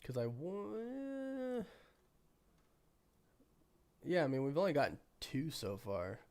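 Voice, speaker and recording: A man with a cold, hoarse and sniffly, hosting a casual live stream and chatting with viewers while thinking aloud. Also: on the high side, very animated, slow pace, darkish tone. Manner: rambling, thinking aloud with many restarts. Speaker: livestream host.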